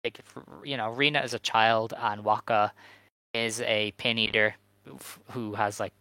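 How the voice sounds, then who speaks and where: A man's voice: on the low side, steady tone, unhurried, bright, forceful tone, no echo, low-quality recording. A man hosting a casual podcast, recapping and chatting with lots of fillers. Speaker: podcast host. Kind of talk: casual chat.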